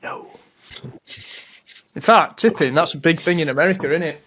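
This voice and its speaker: A man's voice: fairly high pitch, moderate pace, a bit bright. A man, co-hosting a podcast and telling stories about pet peeves in casual chat. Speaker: podcast co-host.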